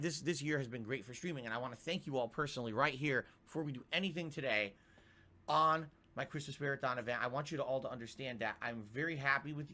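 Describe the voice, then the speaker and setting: A man's voice: mid-range voice, bright, forceful tone. A male streamer talking to his chat in an emphatic, self-justifying way.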